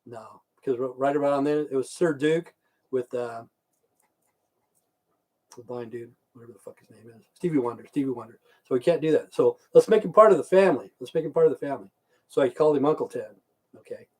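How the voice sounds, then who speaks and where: A man's voice: medium pitch, brisk, a little mellow. A middle-aged man telling a rambling, crude story on a livestream, swearing constantly and repeating himself. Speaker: livestream host.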